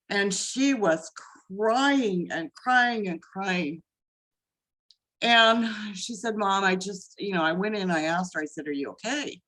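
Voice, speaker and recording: An older woman telling her family's story as a guest, in slow, earnest testimony. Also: medium pitch, a bit bright, low-quality recording. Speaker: guest, mother. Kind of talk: emotional personal testimony.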